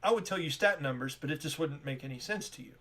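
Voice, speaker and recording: A male game master narrating a fantasy tabletop session. He talks in a chatty, excitable way and laughs easily as he describes the scene, in a voice on the higher side. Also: fast.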